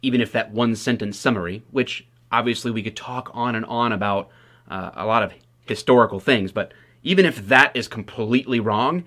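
Michigan cop guy, casual wry commentary, mid pitch, sarcastic little jokes. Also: pushed and bright. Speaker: police officer, video host.

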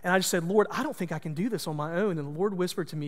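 A man's voice: high voice, racing, big-room sound. A man, a pastor, telling a personal story in a folksy, self-deprecating sermon.

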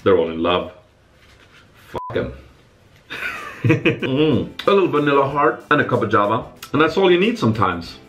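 A man from Sweden talking casually in a home vlog, chatty and playful, dropping to soft murmurs and jumping to high excited bursts. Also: a little fast, roomy sound, faint music behind. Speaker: vlogger. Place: home kitchen.

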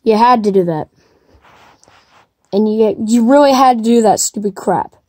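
A woman giving casual commentary to herself while playing a game, excitable and chatty. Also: on the high side, moderate pace, dry recording, studio quality. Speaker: gamer streaming gameplay. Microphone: device mic while playing on a tablet.

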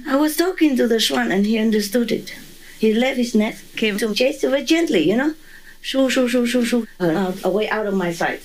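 A woman's voice: a little high, expressive, brisk, darkish tone, poor audio. A woman being interviewed who tells a story with animation, laughing often and acting out voices and sounds.

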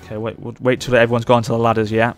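A man commentating live on his strategy game as he plays, urging his units on and reacting loudly to the battle. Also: mid-range voice, rapid-fire, soft background music. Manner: urgent, excitable, barks orders at units. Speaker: gaming channel host.

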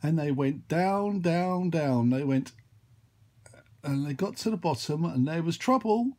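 A man telling a long, rambling made-up story, full of excited sound effects. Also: on the high side, a little slow. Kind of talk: improvised storytelling.

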